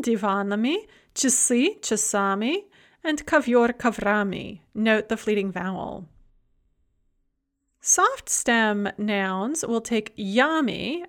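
A woman teaching a grammar lesson, explaining rules clearly and reading out pairs of example words. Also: on the high side, a bit bright. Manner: clear, methodical, reads example word pairs aloud. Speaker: language teacher.

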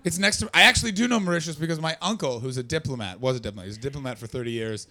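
A man from Canada doing a stand-up comedy set, sarcastic and excitable, throwing asides to the crowd. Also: medium pitch, racing.

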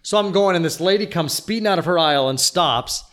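Fast-rambling young man venting. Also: on the high side, fairly bright tone. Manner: rambling, venting with lots of fillers. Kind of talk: casual chat.

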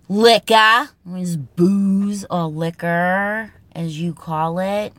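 A woman with a thick Boston accent does a loose comedic monologue as a podcast host, talking in an unhurried, drawn-out way. Her voice sits fairly low, and the sound is dry with no room echo. She is brash, swears freely and plays the tough talker for laughs. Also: a bit bright.

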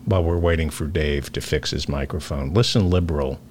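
A man's voice: brisk, a little mellow, slight background noise. A man hosting a podcast in casual chat, joking and teasing his guests. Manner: teasing, joking, swings pitch widely. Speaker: podcast host.

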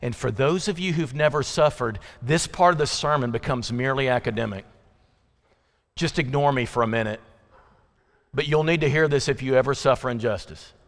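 A male preacher delivering an impassioned sermon, swinging from pleading questions to slow, low emphasis. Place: church sanctuary. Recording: long reverb of a church hall.

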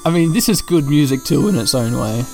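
A man narrating a video game as he plays, describing what is on the screen and thinking out loud. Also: a little high, lively intonation, fairly quick, creaky. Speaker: gameplay commentator. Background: faint game music.

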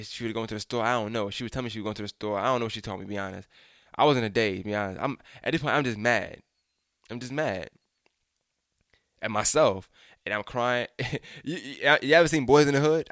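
Young man, quick casual storytelling, blunt and profane, dry close sound. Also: mid-range voice, fairly bright tone, no room sound. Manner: frank, profane, addresses listeners directly.

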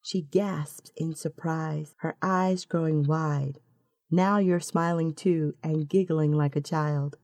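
A woman narrating a second-person story in a slow, calm and intimate manner. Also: low voice, no echo, clean studio sound.

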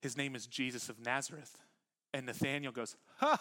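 A man preaching a sermon as pastor to a church congregation, talking casually, dropping to a hush on some lines and bursting out on others. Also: mid-range voice, moderate pace. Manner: conversational preaching that moves between quiet, intimate lines and animated bursts. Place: church sanctuary with live congregation.

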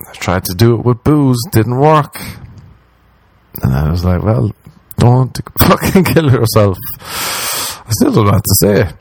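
A man's voice: mid-range voice, big pitch swings, measured pace, a little mellow. Rambling, profane Irish man. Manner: rambling, profane, self-deprecating. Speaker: comedian and podcast host. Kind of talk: casual storytelling monologue.

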